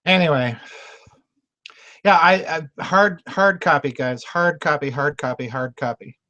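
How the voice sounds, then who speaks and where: A man's voice: fairly high pitch, a little slow, sharp tone, lo-fi sound. A man hosting a members' video chat, talking casually, laughing often and repeating himself as he goes. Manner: chatty and self-mocking, laughs often, repeats words.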